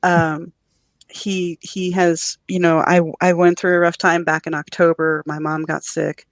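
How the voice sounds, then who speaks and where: A woman writer as a guest on a podcast, telling an excited story about her audiobook. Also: on the low side, measured pace, dry recording. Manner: animated storyteller. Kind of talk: podcast interview.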